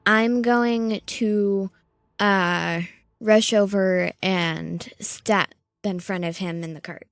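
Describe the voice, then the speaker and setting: A woman playing a tabletop game, talking casually in a halting way with frequent fillers. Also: medium pitch, steady tone, dry recording, studio quality. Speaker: player.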